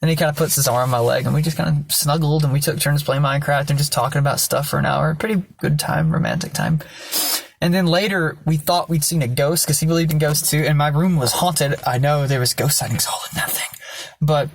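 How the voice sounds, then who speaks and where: A young man with a hoarse voice, casually telling a rambling personal story with plenty of swearing and fillers. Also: fairly high pitch, fairly quick, slight background noise. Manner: rambling, profane, many fillers. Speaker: vlogger.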